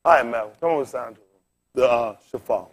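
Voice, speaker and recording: A mid-range male voice, fairly quick, comes through with a little hiss or hum. He's a preacher in his fifties giving a fervent sermon to his congregation, sounding weary and frustrated as he repeats phrases, poses rhetorical questions and shifts suddenly in intensity.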